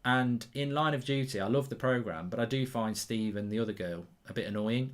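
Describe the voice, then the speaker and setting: A man's voice: mid-range voice, a little fast, hardly any pauses. A man hosting a football watchalong live stream, chatting casually and reading out viewer comments in a rambling, self-mocking way.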